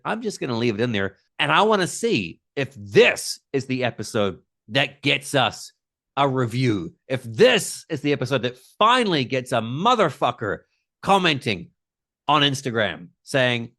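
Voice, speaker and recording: A man hosting a casual film podcast, talking in an animated way and swearing freely. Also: medium pitch, moderate pace. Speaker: podcast host.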